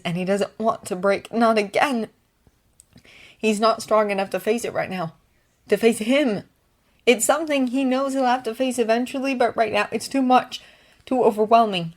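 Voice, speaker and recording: A woman narrating a fanfiction audio reading in a soft, steady manner. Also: medium pitch. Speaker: fanfiction reader.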